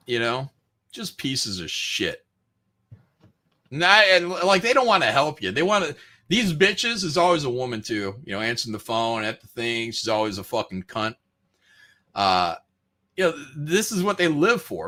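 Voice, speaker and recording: A man rants on a podcast, swearing freely and mimicking the people he complains about. His voice sits a bit high and bright, with a sharp edge, and his pitch swings widely from line to line. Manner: profane, ranting, mocking voices. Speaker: podcast host. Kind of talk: casual rant on a podcast.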